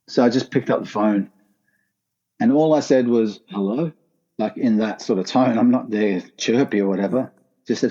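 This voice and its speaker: A man's voice: on the low side, dark tone, highs cut off. A man, a podcast guest telling a raw personal story in an earnest, intense way with casual slang. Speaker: podcast guest, former pro skateboarder. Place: his art gallery, remote call.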